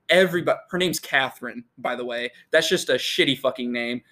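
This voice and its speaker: Young man swearing through an excited story. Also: mid-range voice, a little fast, few pauses. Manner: profane, animated storytelling. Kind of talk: casual chat.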